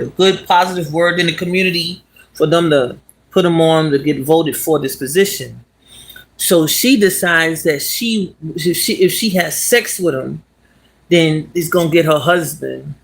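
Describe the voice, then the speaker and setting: A vlogger casually retelling a movie plot while walking outdoors, talking in an animated, slangy way and laughing as they go. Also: medium pitch. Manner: animated, slangy, laughs as it talks, asks "you understand?". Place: outdoors on city streets.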